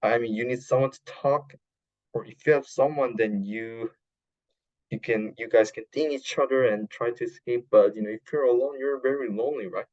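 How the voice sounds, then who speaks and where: Halting man retelling a film. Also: mid-range voice, a little mellow, muffled recording. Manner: halting, many fillers and restarts, non-native grammar. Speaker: podcast host. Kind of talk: casual retelling of a film plot.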